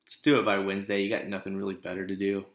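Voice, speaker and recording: A man's voice: sits low, completely flat delivery, rapid-fire, echoey room, very noisy. A man, a history teacher giving a casual, joking recorded lesson to his students. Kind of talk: recorded online class lecture.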